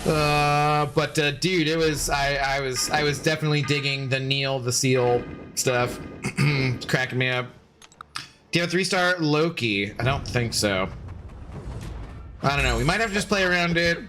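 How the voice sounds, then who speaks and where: A man's voice: on the high side, normal speed, pushed and bright, a little hiss or hum. A young man streaming a game, chatting casually and jokingly with his viewers as he plays. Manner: chatty, rambling, joking with chat.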